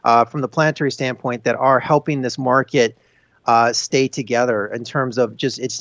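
A man's voice: medium pitch, steady tone, normal speed, fairly bright tone, no echo, highs cut off. A man explaining market charts as a guest analyst, earnest and emphatic, with frequent restarts. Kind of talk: explaining charts on a live finance show.

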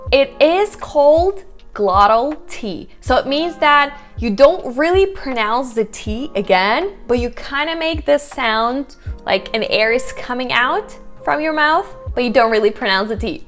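A woman whose first language is Russian, teaching pronunciation tips in a casual lesson, demonstrating words one by one and asking quick questions. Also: fairly high pitch. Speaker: language tutor.

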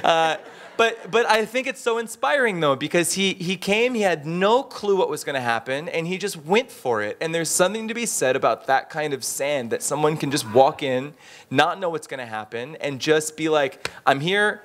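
A man speaking on a conference panel in a casual, animated way, with frequent restarts and fillers. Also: fairly high pitch, moderate pace.

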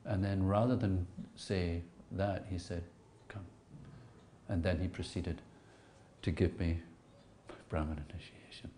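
A man recalling a personal memory in a reflective, storytelling way, often repeating words and dropping to soft asides. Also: deep voice, fairly even intonation, measured pace, a little hiss or hum.

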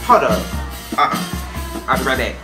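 A man's voice: medium pitch, very animated, moderate pace. A man gives sassy, emphatic reaction commentary while reviewing a dance team's performance. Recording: voice over loud band music.

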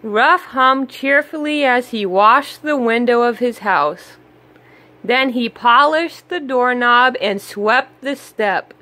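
A woman reading a children's picture book aloud, slow, gentle and expressive. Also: fairly high pitch. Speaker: storybook reader. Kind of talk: children's read-aloud narration.

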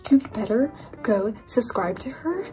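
A woman's voice: fairly high pitch, lively intonation, measured pace, over music. A young woman from the UK, chatting in a gushing, rambling way while unboxing toys, with squeals and laughs. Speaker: toy collector vlogger. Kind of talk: excited unboxing chat.

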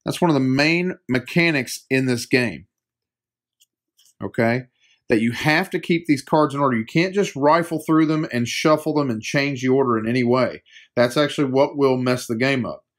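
Man, board game reviewer, jokey, explains rules step by step, mid-pitched voice. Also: normal speed.

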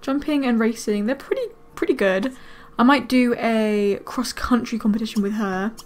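Woman, let's-play commentary, chatty, slightly high-pitched, excitable, talks to game characters. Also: moderate pace. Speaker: gaming video creator.

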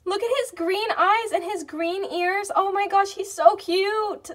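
A woman with a very high, bright voice unboxes fan mail on her vlog. She gushes and gasps with excitement, repeating how cute everything is. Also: measured pace. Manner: gushing, gasping, repeats "oh my gosh".

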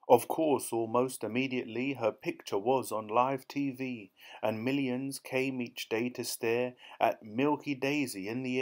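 Male audiobook narrator, lively rhythmic verse reading, medium pitch. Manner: lively, bouncy rhythmic reading with voiced quotes. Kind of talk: reading rhyming verse aloud.

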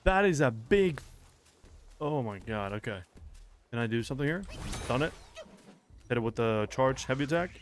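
A young man casually commentating a game as he plays, excitable and swearing, with shouted reactions. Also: medium pitch, moderate pace, long pauses, a little hiss or hum. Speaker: gaming streamer. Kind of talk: let's play commentary. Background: game music.

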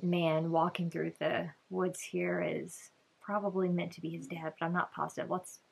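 A woman's voice: fairly low pitch, flat delivery, moderate pace, vocal fry, slightly rough. A woman hosting a casual reaction video, chatting and thinking aloud, often restarting and trailing off.

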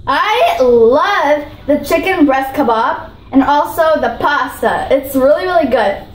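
A woman's voice: high-pitched, animated, unhurried, roomy sound, rough recording. A female vlogger talking in a bubbly, gushing way while she taste-tests food, repeating her praise. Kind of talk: food challenge vlog.

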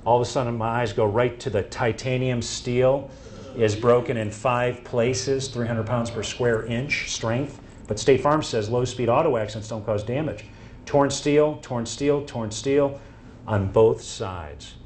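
Unhurried and a little mellow at medium pitch, a man gives a live medical presentation built on anecdotes, re-enacting his exchanges with patients and doctors. Some slight background noise is present.

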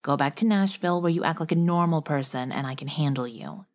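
Female narrator doing a sneering angry brother, low voice, scornful, lightly acted. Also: fairly quick, natural voice. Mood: bitter. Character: bitter dismissive young man, brother.

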